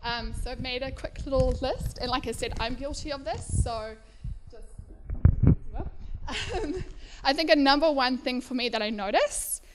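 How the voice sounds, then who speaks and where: Brief: woman in her 30s from South Africa, speaking at a live event, chatty with frequent laughs and fillers, voice sitting on the higher side. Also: slight background noise. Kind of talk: personal talk to a live audience. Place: indoor event venue.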